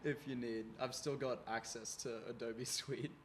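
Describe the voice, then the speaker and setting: A young adult man co-hosting a casual podcast, retelling things in a deliberate way. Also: medium pitch, flat delivery, slight background noise. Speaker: podcast co-host. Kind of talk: casual chat.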